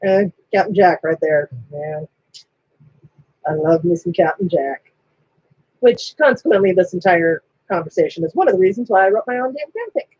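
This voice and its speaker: A woman with a husky voice, her pitch swinging up and down a lot as she chats with a co-host. She tells stories with animated flair, acting out quoted lines. The sound is dry and a bit muffled, like a low-fidelity home recording. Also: normal speed, no room sound. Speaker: podcast co-host. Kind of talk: casual fan chat. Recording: dry, slightly muffled lo-fi audio.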